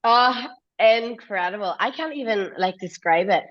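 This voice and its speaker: A woman's voice: mid-range voice, expressive, unhurried, highs cut off. A woman with an Irish accent, chatting bubbly and casually as a guest and laughing often. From Ireland. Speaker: guest singer. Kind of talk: casual interview chat.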